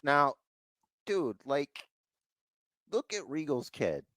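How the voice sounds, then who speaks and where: A man co-hosting a casual wrestling podcast, excitable and laughing, often acting out quoted voices. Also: a little high, slow, no echo. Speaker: podcast co-host.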